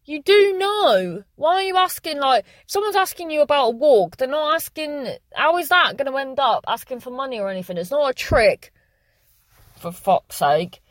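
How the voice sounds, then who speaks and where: A woman's voice: sits high, expressive, moderate pace, no echo. Rambling young Englishwoman chatting in her car. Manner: rambling, swears freely, chatty. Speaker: vlogger. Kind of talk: casual chatty vlog monologue. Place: sitting in a parked car.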